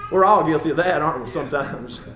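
A man's voice: on the high side, moderate pace, bright, forceful tone, roomy sound, a little hiss or hum. A man preaching a sermon as a church elder, talking in a folksy, conversational way that builds to emphatic passages.

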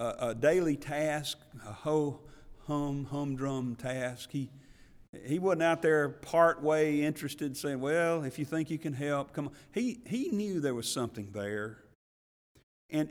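A man's voice: mid-range voice, long reverb tail. A man, a church elder, preaching a sermon in an earnest way, with rhetorical questions and repeated words.

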